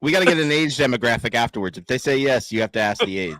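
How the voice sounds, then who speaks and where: A man co-hosts a live show, trading crude jokes and teasing the others. His pitch is middling. The sound is dry and close. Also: expressive, quick pace, fairly bright tone, dry recording. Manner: teasing, crude, laughing banter. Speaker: co-host. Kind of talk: casual banter.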